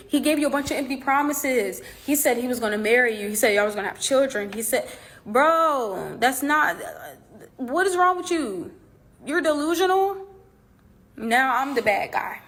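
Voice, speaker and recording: A woman with a high, slightly bright voice, a boxer, tells her side of a falling-out in casual conversation. She speaks directly to her viewers and animatedly reenacts earlier conversations.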